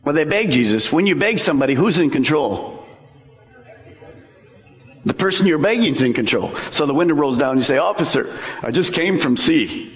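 Animated man preaching in an echoey church. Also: fairly high pitch, normal speed, pauses often. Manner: emphatic, animated preaching with jokes to the congregation. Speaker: pastor. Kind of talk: sermon. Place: church sanctuary.

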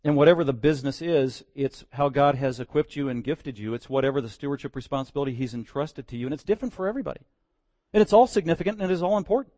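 A man preaching a sermon as pastor, swinging between loud, emphatic declarations and quiet, earnest asides. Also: mid-range voice, very fast, dry recording. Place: church.

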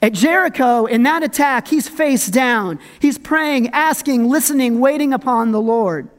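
A pastor preaching a conversational sermon, reading scripture and commenting with humor and frequent laughs. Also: measured pace. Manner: conversational and humorous, laughs often, dramatic swings in pitch.

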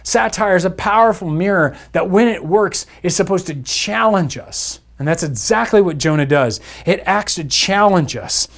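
A man's voice: high voice, lively intonation, normal speed, creaky, few pauses. Conversational male pastor preaching. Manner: conversational preaching with playful asides. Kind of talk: sermon. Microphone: church podcast mic.

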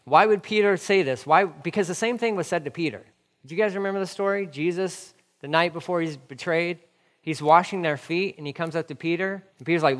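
Pastor guy preaching, gets fired up, says stuff twice, lotta questions, kinda high voice, big echoey church. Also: brisk, a bit bright. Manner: fired-up, repeats phrases, rhetorical questions. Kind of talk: sermon.

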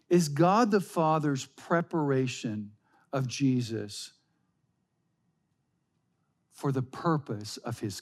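A man preaching a sermon, slow and emphatic, reading scripture aloud. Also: a little high, darkish tone. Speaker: pastor.

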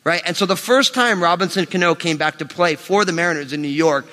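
A man preaching a sermon as pastor, animated and emphatic, swinging between loud rises and quiet drops. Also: on the high side, fairly quick. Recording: long hall reverb.

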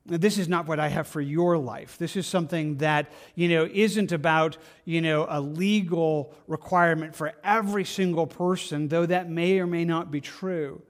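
A man preaching a sermon in an earnest, halting way, often repeating words and restarting, moving between soft and stronger delivery. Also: a little high, steady tone. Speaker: pastor.

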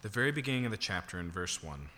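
A man's voice: fairly low pitch, very animated, racing, noisy background. A man preaching a sermon, teaching in a conversational way and checking in with rhetorical questions. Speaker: pastor. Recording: reverberant hall.

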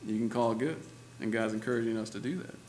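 A man's voice: lowish voice, fast talker, darkish tone, slight background noise. A man preaching a sermon in a church, talking conversationally and laughing often, with lots of "you know" and "right?". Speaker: pastor.

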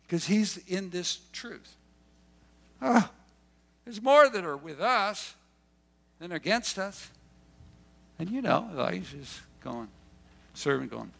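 A man's voice: lively intonation, takes it slowly, vocal fry, pauses often, a bit bright. A man preaching a sermon as pastor, repeating phrases and swinging his voice up and down for emphasis. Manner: preaching with emphatic repetition and sudden pitch swings.

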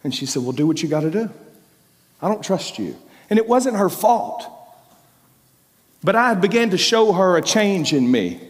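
A man's voice: big pitch swings, normal speed, pauses often. Man preaching in a reverberant hall. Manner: emphatic storytelling with repeated phrases; swings between raised bursts and hushed, low passages. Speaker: preacher giving his testimony. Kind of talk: sermon testimony. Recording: long reverb of a large hall.

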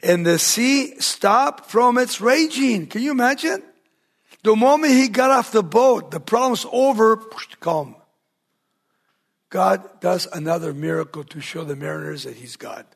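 Sex: man. Role: pastor. Style: verse-by-verse sermon. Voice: high and gravelly, emphatic, rising loud then dropping hushed. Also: animated, measured pace. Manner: emphatic preaching, swinging between loud and hushed; asks the congregation rhetorical questions.

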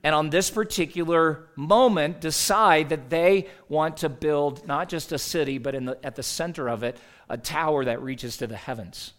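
A man's voice: a little high, normal speed, a bit bright. Man preaching a conversational sermon. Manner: conversational preaching with rhetorical questions. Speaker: pastor.

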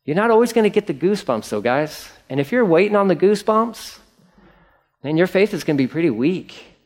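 Male pastor, conversational sermon, mock quotes, highish voice, very lively pitch. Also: fairly quick.

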